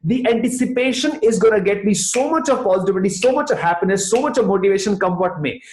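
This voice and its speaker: A man's voice: high-pitched, animated, quick pace, darkish tone, echoey room. A man giving an emphatic motivational talk to an online audience, repeating phrases for effect. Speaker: motivational speaker.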